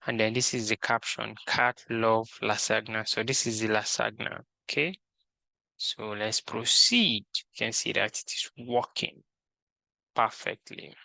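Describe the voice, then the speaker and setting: In a screen-recorded coding tutorial, a man with a lowish, creaky voice speaks in a pushed, bright way with no echo. He moves slowly and methodically, reading each task's instructions aloud and talking through his steps.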